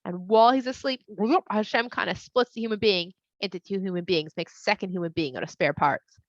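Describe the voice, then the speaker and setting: A woman's voice: mid-range voice, a little fast, dry recording, muffled recording. A woman casually retelling a Bible story for children in a playful, slangy way.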